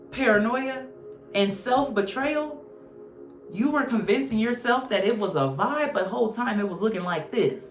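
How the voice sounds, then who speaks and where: A woman reads tarot in a loose, joking way, blunt and full of slang and swearing. Her voice sits at an ordinary pitch and rings a little in a roomy space. Soft music plays faintly underneath. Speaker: tarot reader. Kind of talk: casual channeled tarot reading.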